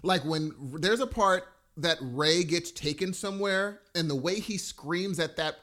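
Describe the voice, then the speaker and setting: A man co-hosting a podcast in casual chat, enthusiastic and animated, often trailing off mid-sentence. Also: a little high, measured pace, few pauses. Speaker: podcast co-host.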